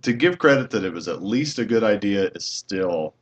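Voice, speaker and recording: Lively-voiced man hosting a podcast. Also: lowish voice, normal speed, lo-fi sound, slight background noise. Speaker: podcast host. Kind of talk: casual chat.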